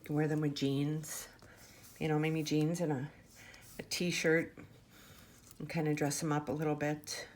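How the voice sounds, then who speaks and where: Her voice sits low with little pitch movement, a little slow and pausing often, as she gushes over her handmade jewelry in a relaxed vlog. Fillers and restarts pepper her chatter, picked up by a tabletop camera mic.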